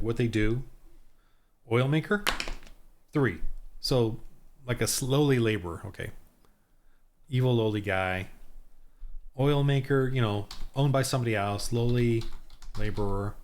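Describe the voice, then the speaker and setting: A man thinking aloud as he rolls dice and builds town characters for a tabletop game, muttering and restarting often. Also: mid-range voice. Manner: muttering to himself, halting, many restarts. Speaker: solo tabletop game designer.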